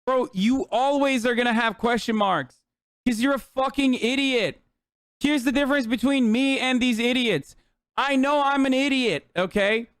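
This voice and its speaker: A man's voice: very high voice, normal speed, a bit bright, smooth. A man streaming, reacting to a video in a blunt, sarcastic, profane rant. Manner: blunt, sarcastic, swears a lot.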